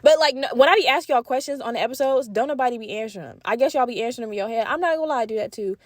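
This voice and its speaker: A young adult woman hosting a solo podcast, talking in a rambling, blunt, swear-heavy casual rant with bursts of fast, animated talk. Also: on the high side, no echo, clean studio sound. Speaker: podcast host.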